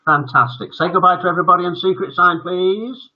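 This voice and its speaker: A man's voice: high voice, fairly quick, highs cut off. An older man hosting a live-streamed bedtime story show, chatting in a jokey, teasing way. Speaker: host.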